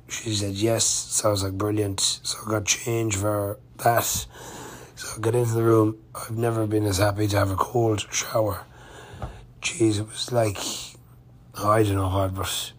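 Male cyclist vlogger, low flat delivery, rambling casual diary talk. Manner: rambling and chatty, with many fillers and restarts. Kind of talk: casual travel-diary narration.

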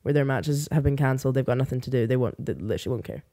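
A young woman, a podcast guest chatting casually and telling animated, sarcastic stories. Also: extremely low pitch, rapid-fire. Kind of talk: casual chat.

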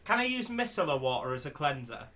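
A woman's voice: deep voice, big pitch swings, a crowd in the background. A woman, a guest on a podcast, chatting casually and laughing often. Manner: giggly, quick to laugh. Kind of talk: casual chat.

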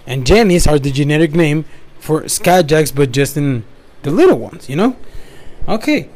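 With a slightly high, slightly mellow voice, a young Spanish-speaking man animatedly describes his work at a moderate pace. The story wanders, with frequent restarts and asides.

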